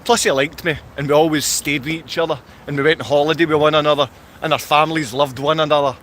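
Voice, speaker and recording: Quick and a bit bright, this Scottish man's fairly high voice keeps a steady tone over slight background noise. He's out in a car park delivering a rambling live-stream monologue and responding to viewer comments as they come in.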